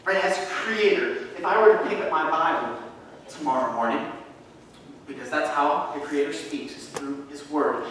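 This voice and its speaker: A man preaching from the pulpit with an emphatic, repetitive delivery and a fairly high voice. His words ring through a big, echoey church hall, picked up from some distance away, with a faint background hum. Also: bright, forceful tone. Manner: emphatic, repeats key phrases. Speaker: associate pastor. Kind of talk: sermon. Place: church sanctuary.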